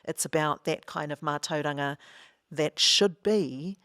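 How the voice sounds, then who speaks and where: Low-voiced earnest New woman. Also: a bit bright, dry recording, clean studio sound. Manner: earnest, measured, with frequent ums. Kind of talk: reflective discussion.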